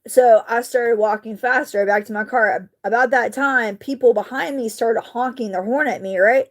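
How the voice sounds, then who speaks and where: A woman, casually telling a story to her viewers while crafting, animated and indignant, with mild swearing. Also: on the high side, moderate pace. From southeastern United States. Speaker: vlogger.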